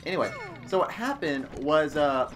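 A man's voice: fairly high pitch, lively intonation, normal speed, a bit bright, soft background music. A young man co-hosting a let's play, telling crude jokes and stories in casual chat while gaming. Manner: crude joking storyteller.

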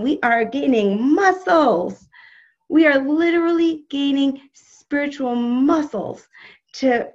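Gravelly woman teaching over a dull video call. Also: fairly high pitch. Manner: expressive, talks straight to the audience and reads out their chat comments. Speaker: teacher of a live online class. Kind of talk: inspirational religious class.

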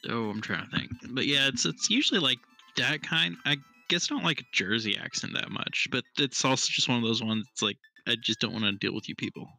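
A man chatting casually on a stream in a relaxed, rambling way. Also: medium pitch, a little fast, creaky, hardly any pauses, faint music behind. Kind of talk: casual chat.

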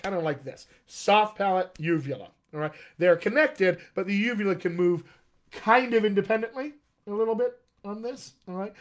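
A man teaching a live online lesson as a dialect coach, chatty and upbeat, with frequent check-ins to his viewers. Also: high-pitched.

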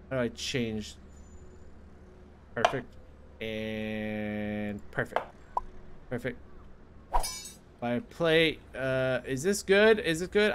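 A young man playing a cooking game and commenting as he goes, frantic and sarcastic, jumping from low mutters to squeaky outbursts. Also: background noise. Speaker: gaming youtuber. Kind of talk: casual gameplay commentary.

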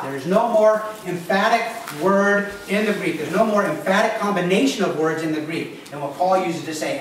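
A man's voice: sits high, moderate pace, hardly any pauses. A man, the pastor, giving a conversational sermon with joking asides to his congregation in a church. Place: church sanctuary. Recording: echoey room, voice from far off, noisy.

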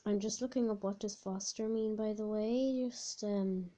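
A woman vlogging in a casual chat while doing online quizzes, thinking aloud with lots of fillers and sudden excited outbursts. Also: medium pitch, a little slow. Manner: chatty, thinks aloud with many fillers, bursts into squealing outbursts.

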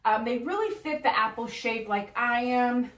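A middle-aged woman chatting casually at home, unhurried as she describes clothes she is trying on. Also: on the high side, fairly bright tone, roomy sound. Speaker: fashion vlogger. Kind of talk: casual try-on haul chat.

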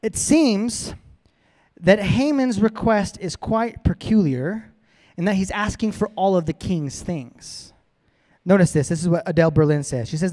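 Brief: casual, animated male preacher, higher-pitched voice. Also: measured pace. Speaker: pastor. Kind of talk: sermon.

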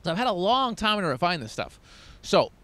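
A man in his thirties coaching on first impressions, talking emphatically and swinging into loud demonstrations. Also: high voice, sing-song, a little fast. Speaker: dating coach. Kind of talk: energetic coaching talk to camera.

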